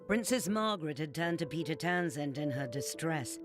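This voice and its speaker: Higher-voiced male documentary narrator. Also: animated, moderate pace. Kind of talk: scripted narration. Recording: narration over music.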